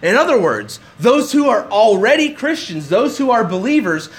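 A man's voice: high-pitched, sing-song, normal speed, hardly any pauses. A man preaching a sermon, emphatic and repeating words for stress. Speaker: pastor.

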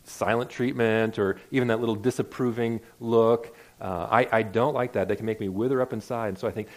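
A man's voice: on the low side, steady tone, brisk, few pauses. A man preaching a sermon in an earnest, conversational way, often restarting his words. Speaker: pastor.

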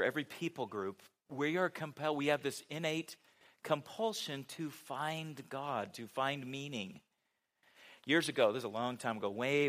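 A man's voice: mid-range voice, fairly bright tone. A middle-aged man preaching a sermon, telling a story with humor and asking the audience questions.

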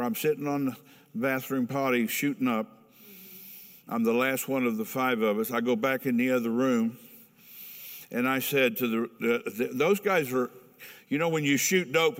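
A man's voice: mid-range voice, steady tone, moderate pace. Earnest older man in a reverberant hall. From Ohio, USA. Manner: earnest and candid, breaking into chuckles. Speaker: speaker giving a personal testimony. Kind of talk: personal testimony storytelling.

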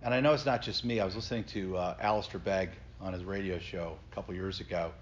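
A man's voice: low-pitched, steady tone, quick pace, slight background noise. A middle-aged man, a pastor, teaching a Bible study class and explaining scripture earnestly to his group. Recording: slightly dull lo-fi recording.

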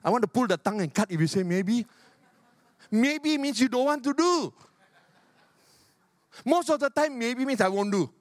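An older man, a retired pastor, preaching a sermon with emphatic, repetitive phrasing and big swings in pitch. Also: expressive, normal speed, long pauses, no room sound.

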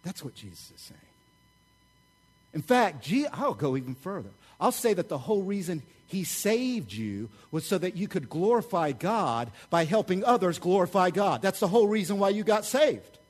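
A man delivers a lively sermon as pastor, his voice sitting high for a man. He preaches with fired-up energy, keeping it conversational and checking in with the congregation as he goes. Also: moderate pace.

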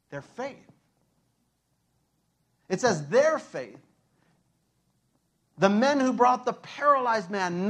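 A man preaching a sermon in an animated, conversational way with many fillers. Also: high voice. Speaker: pastor.

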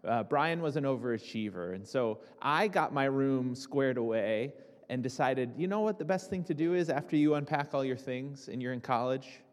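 A man's voice: mid-range voice, lively intonation, moderate pace. A young man preaching a sermon to a congregation, talking casually with restarts and asides. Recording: reverberant hall.

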